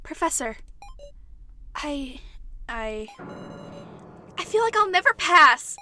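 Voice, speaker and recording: A nervous young female student from a story game, played by a woman. She stammers and sounds shaky and unsure. Her voice runs high and pushed. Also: very animated, slow, bright, forceful tone, soft background music, heavily acted. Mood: anxious. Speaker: game character.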